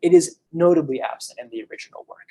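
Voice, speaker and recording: Young American man, church class teacher, casual lecture, husky edge, lots of restarts. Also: a little high, fast talker, dark tone, poor audio. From United States. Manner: conversational, frequent restarts and fillers.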